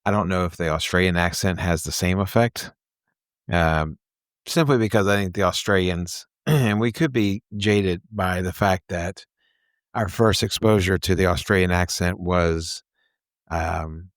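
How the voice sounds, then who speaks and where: A man hosting a podcast, with a nasal voice and a Mid-Atlantic accent mixed with a Texas twang. His voice is quieter than usual after surgery, and he talks in an unhurried, reflective way and laughs often. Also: low-pitched, no echo, studio quality. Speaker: podcast host. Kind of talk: casual chat.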